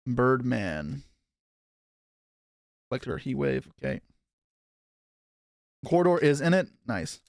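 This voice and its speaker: A man's voice: mid-range voice, sing-song, a little mellow. Chatty young man opening cards live. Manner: chatty, reacting to chat, quick asides. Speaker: streamer. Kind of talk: casual live-stream card opening.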